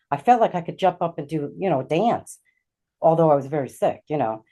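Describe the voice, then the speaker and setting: A middle-aged woman, a guest and intuitive healer, recounting a personal experience in a halting way, with many fillers and restarts. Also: deep voice, dark tone. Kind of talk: personal storytelling.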